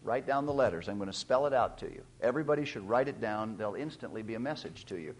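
A man preaching a sermon, teaching and questioning his listeners, swelling loud on key points. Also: mid-range voice, animated, fast. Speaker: pastor.

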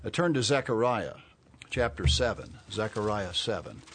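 A man's voice: lowish voice, expressive, normal speed, a bit bright, slightly rough. A man preaching a Bible-teaching sermon, who reads verses aloud with rising force and explains words plainly between them.

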